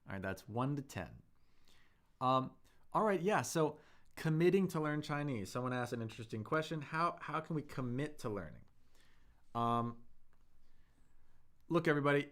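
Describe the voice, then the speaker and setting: Male language tutor live-streaming, friendly and conversational, answers chat and models pronunciation slowly. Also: mid-range voice, animated, fairly bright tone. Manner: upbeat, chatty, slows down to model tones; reads viewer comments aloud and answers them. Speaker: Chinese teacher and livestream host.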